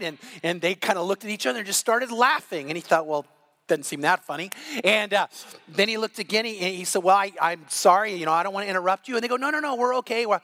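A man preaching a sermon, retelling a story in a lively way and acting out the people in it with a changing voice. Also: sits high. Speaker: pastor.

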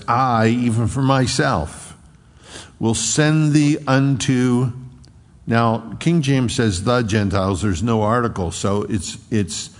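A male preacher walks slowly through scripture in a gravelly voice. He breaks into raised, animated voices as he acts out the dialogue. His voice rings with a long reverb, as if recorded in a large church. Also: mid-range voice. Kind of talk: expository sermon.

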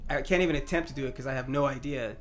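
A male podcast co-host tells stories animatedly in casual chat, laughing often. He talks very fast at a medium pitch.

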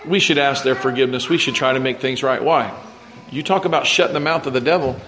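This pastor talks fast, his medium-pitched voice carrying a fairly bright tone as he gives a conversational sermon. He questions the congregation, acts out quoted voices, and often repeats words at the start of his sentences.

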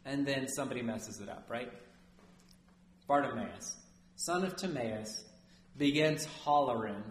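Lively priest preaching in an echoey church. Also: male voice, a little high, normal speed. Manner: lively, conversational, keeps asking "right?". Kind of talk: sermon.

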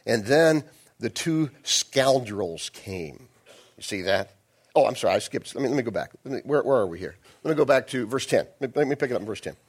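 A man's voice: mid-range voice, lively intonation, brisk, husky. A man preaching a sermon, reading Bible verses aloud and breaking off into casual, playful asides. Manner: conversational, digressive, playful asides.

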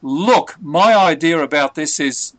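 A man with a slightly raised pitch explains phrasal verbs patiently, pausing often on fillers and restarting his sentences. His voice is recorded close and dry, with no room sound. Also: lively intonation, no echo. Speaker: English tutor. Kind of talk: conversational language lesson.

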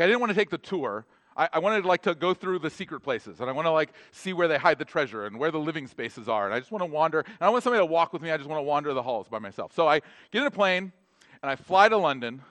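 A man's voice: a little high, expressive, fast talker, fairly bright tone, no room sound. A man preaching a casual, conversational sermon as a pastor, full of asides and laughing at his own jokes.

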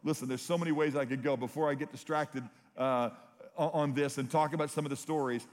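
A man's voice: on the high side, fairly even intonation, a little fast, in a large hall. A man preaching a sermon, telling stories with rising emphasis. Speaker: pastor.

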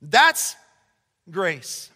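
A man preaching a sermon to a congregation, emphatic and conversational, swinging between loud declarations and hushed passages. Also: high-pitched, very animated, very slow. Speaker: pastor. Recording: long reverb of a large hall.

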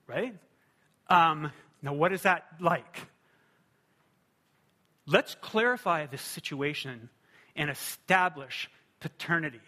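A man preaching a sermon in a conversational, animated way, often asking rhetorical questions. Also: a little high. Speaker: pastor.

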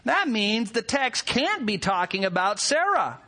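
A man preaching a teaching sermon in a bright, ringing voice that climbs and falls a great deal. He leans hard on key words and keeps throwing questions out to his listeners. His delivery is emphatic and animated. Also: sits high, unhurried. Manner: emphatic, asks the audience rhetorical questions. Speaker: pastor. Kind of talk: expository sermon.

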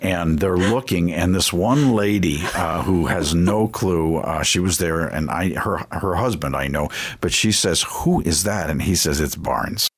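A middle-aged man co-hosting a radio talk show, telling lively self-mocking family stories in a conversational way. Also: deep voice, unhurried. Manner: animated storyteller, self-mocking humor. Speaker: radio host, family ministry leader.

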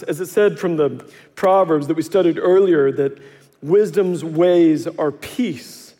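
A male pastor in his thirties delivers a sermon with animated storytelling, acting out what people said and poking fun at himself. His voice sits high for a man. The sound carries a long reverb, like a large church sanctuary. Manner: animated storytelling, acts out quotes, self-deprecating humor.

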